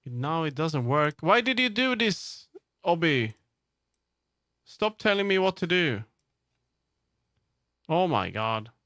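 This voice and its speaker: A man's voice: a little high, very animated, slow pace, long pauses, bright, forceful tone, dry recording, clean studio sound. A man streaming live, chatting casually and muttering to himself as he troubleshoots. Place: home streaming setup.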